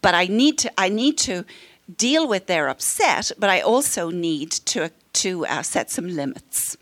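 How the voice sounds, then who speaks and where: A woman's voice: lowish voice, animated, measured pace. A middle-aged woman counselor leading a parenting workshop, friendly, often laughing and acting out what parents and children say. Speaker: counselor teaching a parenting class. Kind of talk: workshop talk to a live group.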